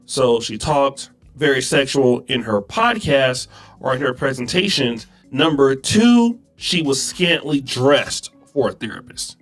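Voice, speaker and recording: A man's voice: medium pitch, a bit bright. A man narrating a story recap in a plain manner, counting off points.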